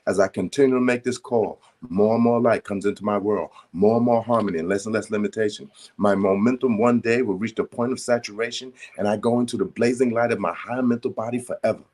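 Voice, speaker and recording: A man in a prayer circle slowly and deliberately reciting spiritual decrees, stumbling over his first words. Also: lowish voice, darkish tone. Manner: slow, deliberate, emphatic recitation with stammered starts.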